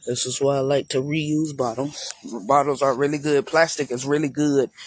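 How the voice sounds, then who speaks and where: A man's voice: mid-range voice, little pitch movement, moderate pace, husky. A man giving a casual, chatty walk-through of his garden for viewers, talking loosely and calling them y'all. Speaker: gardening vlogger. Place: outdoor garden.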